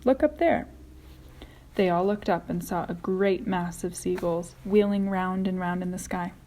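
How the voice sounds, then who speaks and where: A woman teacher reading a children's book aloud in clear, expressive storytelling. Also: lowish voice, normal speed, a little hiss or hum.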